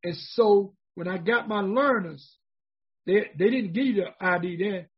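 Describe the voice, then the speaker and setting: A man in his forties speaks with a raised, husky voice. He tells his own story in a conversational way, repeating points for emphasis. The recording sounds dull and lo-fi. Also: sits high, a little slow. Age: 40s. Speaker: formerly incarcerated speaker. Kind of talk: personal storytelling talk.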